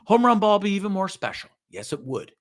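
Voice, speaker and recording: Animated, foul-mouthed male host ranting. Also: high voice, brisk. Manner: profane, animated, sarcastic. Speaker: show host. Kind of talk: ranting video commentary.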